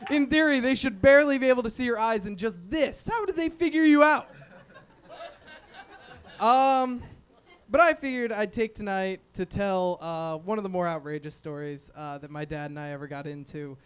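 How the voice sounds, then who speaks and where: A young adult man performs a rambling, self-deprecating stand-up set on a small open-mic stage, full of fillers. His voice sits high, clear and resonant, at a moderate pace.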